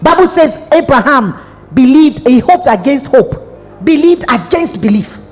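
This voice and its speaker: A woman's voice: sits high, measured pace. A middle-aged Nigerian woman pastor preaching a sermon, telling a story and acting out the dialogue. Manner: animated storytelling with acted-out dialogue. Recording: long hall reverb.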